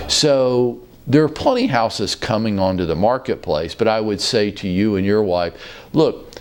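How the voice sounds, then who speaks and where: A man in his fifties hosting a casual talk show from his office, telling stories in a relaxed, folksy, chatty way. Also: medium pitch. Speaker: real estate brokerage leader hosting a show.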